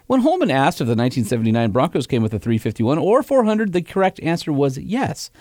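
Animated male podcast co-host, slightly higher voice, dry close sound. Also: quick pace, no room sound. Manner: animated, laughs often, reads messages aloud. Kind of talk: casual chat reading listener mail.

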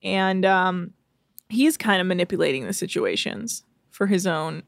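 A woman's voice: on the low side, a little slow, gravelly, no room sound, studio quality. A woman co-hosting a podcast, recapping a reality show in a casual, rambling, profane chat. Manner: profane, rambling, puts on silly voices for quotes.

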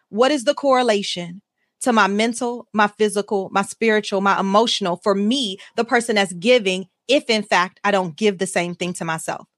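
A woman hosting a live motivational show, talking to her audience in an energetic, emphatic way and hyping them up. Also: a little high, dry recording, clean studio sound. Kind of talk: motivational live-stream talk.

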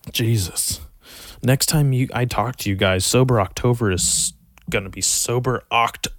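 A young man rambling casually through horror movie picks, profane and animated, sighing often. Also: mid-range voice, measured pace, pauses often, dry recording, studio quality. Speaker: vlogger reviewing horror movies. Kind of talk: casual rant to camera.

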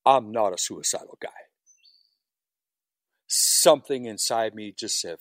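A firefighter guest on a podcast tells his personal story in an interview, raw and emotional, with frequent swearing. His voice is lowish and measured, with frequent pauses, and the recording has no room sound.

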